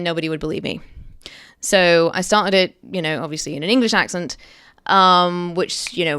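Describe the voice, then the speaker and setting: A middle-aged woman, an actress, chatting as an interview guest and telling animated stories with lively quoted bursts. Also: fairly low pitch, clean tone, no echo, studio quality. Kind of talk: casual interview chat.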